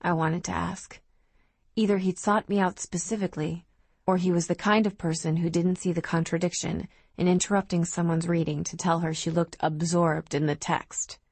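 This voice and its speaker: A woman reads a novel aloud in the first person, with steady, even storytelling. Her voice sits on the lower side, and the recording is dry and close, with no room around it. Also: moderate pace, vocal fry, husky, dry recording. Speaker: audiobook narrator. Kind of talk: first-person audiobook narration.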